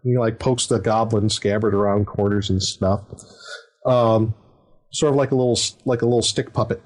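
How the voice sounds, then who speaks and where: A man's voice: lowish voice, fairly even intonation, moderate pace. A middle-aged man hosting a podcast, rambling through a casual anecdote about running a tabletop game, with many fillers and chuckles. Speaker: podcast host and game master.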